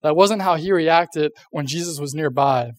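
A man's voice: on the high side, moderate pace, no echo. A young man giving a casual youth sermon, chatty and full of fillers, often acting out little voices. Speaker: youth pastor.

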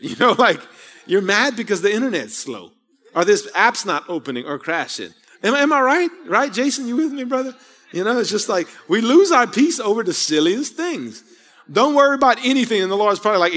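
A man's voice: sits high, a bit bright, in a large hall. A man in his thirties preaching a sermon, conversational and rambling, full of asides and rhetorical questions. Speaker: pastor. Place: church sanctuary.

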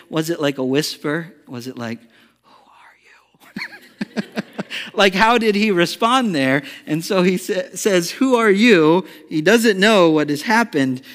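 A male pastor preaching a sermon, talking to his congregation in a conversational, animated way and asking them rhetorical questions. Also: on the high side, in a large hall.

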